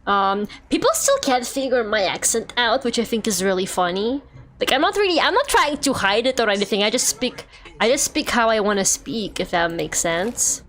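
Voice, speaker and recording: A woman's voice: a little high, expressive, normal speed, a bit bright. A young woman from Russia streaming a game, talking casually and chattily with lots of fillers and frequent laughter. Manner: chatty, rambling, filler-heavy, laughs often. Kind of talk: casual gameplay chat.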